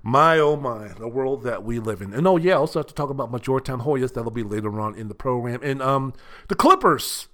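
A man hosting a solo sports talk show, ranting with profanity and shouting. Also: mid-range voice, fast talker, few pauses.

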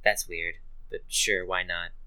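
A man's voice: low-pitched, level tone, a little slow, sharp tone, clean tone. A man co-hosting a podcast, chatting casually with dry, laid-back reactions and jokes. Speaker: podcast co-host. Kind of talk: casual chat.

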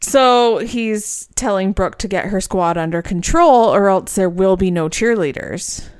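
A woman co-hosts a podcast in an unhurried, blunt way, brushing things off with casual swearing. Her voice is smooth and clear on a close, dry mic. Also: medium pitch, expressive, no echo. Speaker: podcast co-host recapping episodes.

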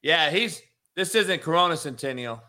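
A man giving a profane, exasperated rant while reviewing high school football film, swearing heavily and breaking into laughter. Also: animated, moderate pace. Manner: loud, exasperated ranting with bursts of laughter; heavy swearing. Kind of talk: profane casual commentary on recruit film.

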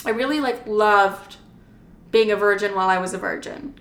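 A woman's voice: mid-range voice, moderate pace, a bit bright, roomy sound. A young adult woman hosting her own podcast, talking casually in a blunt, profane, rambling way. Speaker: podcast host. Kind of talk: casual solo podcast chat.

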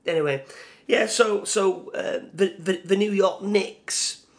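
A man co-hosting a casual podcast, relaxed, adding short replies and then telling his own story. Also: high voice, slow, vocal fry. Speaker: podcast co-host. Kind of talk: casual chat.

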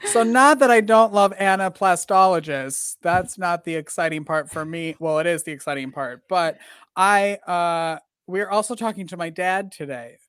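A man's voice: high voice, normal speed, fairly bright tone, clear, resonant tone, no echo, clean studio sound. A man hosting a casual live podcast chat, rambling with lots of fillers and joking at himself. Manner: rambling and self-deprecating, with many fillers. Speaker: podcast host.

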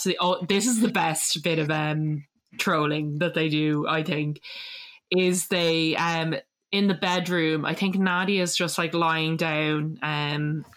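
A woman's voice: low-pitched, fairly bright tone. A woman, hosting a casual chat and animatedly retelling a story, acting out quotes and laughing often. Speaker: podcast host. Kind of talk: casual chat recapping a reality show.

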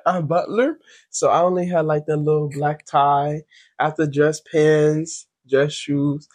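A young man co-hosting a casual podcast, his voice set high with a husky edge. He tells stories in an animated, profane way and laughs easily. Everything sounds like loose chat between friends. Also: slow pace, pauses often. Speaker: podcast co-host.

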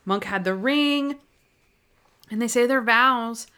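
A woman's voice: on the high side, takes it slowly, pushed and bright, smooth. A young woman co-hosting a casual chat, talking enthusiastically and acting out scenes. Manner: chatty, enthusiastic, acts out scenes in quotes. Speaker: podcast co-host reviewing a TV episode.

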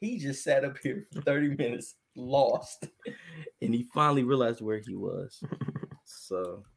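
A young man telling a story in casual chat, animated and laughing often as he acts out his own phone calls. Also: mid-range voice, unhurried, gravelly.

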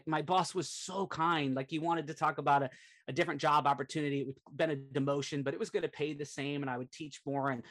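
A middle-aged man, a performance coach and speaker, earnestly retelling a personal setback as a podcast guest, peppering his talk with "like". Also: a little high. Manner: earnest, animated retelling, frequent "like" fillers. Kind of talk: personal storytelling.

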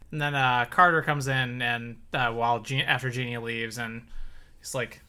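A podcast co-host who recaps TV scenes in chatty, halting talk full of fillers and small laughs. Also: mid-range voice, steady tone, sharp tone, smooth. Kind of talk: casual chat recapping a TV episode.

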